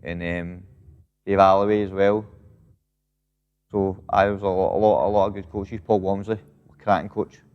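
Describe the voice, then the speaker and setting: Scottish male boxer in his thirties, deep-ish voice, loose and profane, recorded with lingering reverb. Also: fairly even intonation, normal speed, long pauses, clear, resonant tone, highs cut off. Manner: swears freely, fills with "mate" and "know what I mean". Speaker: professional boxer, guest. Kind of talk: casual interview reminiscing. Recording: long reverb.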